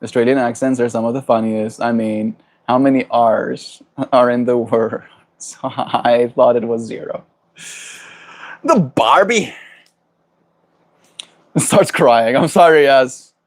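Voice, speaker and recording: A man with a South African accent chatting gently on a livestream, greeting viewers and laughing often. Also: medium pitch, steady tone, unhurried. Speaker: livestreamer reading chat. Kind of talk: casual livestream chat.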